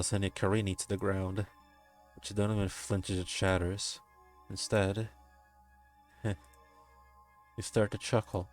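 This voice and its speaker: Low-voiced guy streamer reading a text game out loud, keeps cracking up and swearing, faint music underneath. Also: level tone, measured pace, pauses often. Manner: breaks into giggles and profane asides.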